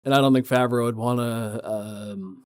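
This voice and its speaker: Man, mid pitch, enthusiastic, agreeable, dry recording, podcast chat. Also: fairly even intonation, moderate pace, dry recording. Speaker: podcast co-host. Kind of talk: casual chat.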